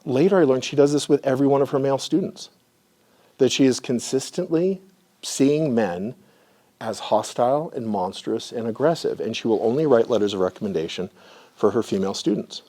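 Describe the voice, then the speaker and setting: A middle-aged man giving a live lecture with personal stories to an audience in a room, conversational and often clearing his throat. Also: mid-range voice, moderate pace, mellow.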